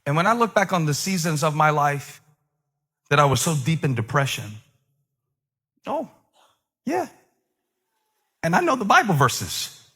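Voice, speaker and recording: A man's voice: on the high side, big pitch swings, unhurried, pauses often, pushed and bright, slightly rough. A middle-aged male pastor preaching a sermon in a conversational way, joking with the congregation and breaking into emphatic surges. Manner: jokes with the congregation.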